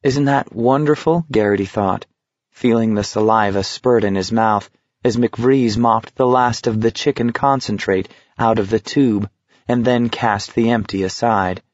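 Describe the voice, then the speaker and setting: Male audiobook narrator, low, dry voice, dull recording. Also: steady tone, measured pace, dry recording. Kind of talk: scripted narration. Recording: dull, slightly muffled.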